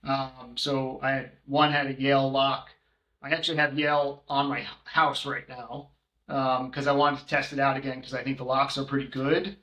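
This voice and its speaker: A man's voice: medium pitch, little pitch movement, moderate pace, bright, forceful tone. A man co-hosting a podcast, talking casually with many filler ums as he runs through tools and prices. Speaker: co-host, short-term rental manager. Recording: roomy echo.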